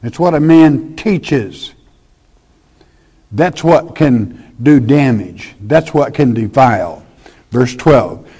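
Slow, folksy man preaching a sermon. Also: mid-range voice, expressive, husky. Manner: folksy, emphatic, swings from loud to hushed.

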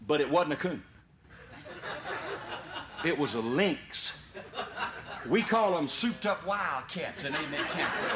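A man spins a folksy tall tale, chuckling as he goes. His voice sits a little high and swings widely in pitch. The recording is roomy, with a faint hum behind it. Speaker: storyteller. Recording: roomy echo, faint background noise.

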